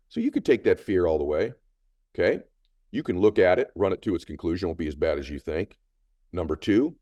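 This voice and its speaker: A man's voice: deep voice, warm tone, no echo. A middle-aged man hosting a motivational podcast, telling a story with emphatic, coaching delivery and repeated punchy phrases.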